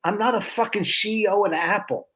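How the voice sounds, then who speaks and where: A man's voice: sits high, brisk, bright, forceful tone. A man, a comedian guest on a podcast, talking bluntly and brashly with lots of swearing. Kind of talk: casual chat.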